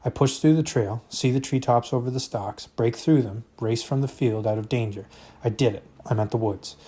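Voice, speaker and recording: Mellow husky man reading aloud. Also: mid-range voice, moderate pace. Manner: expressive first-person narration. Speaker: reader.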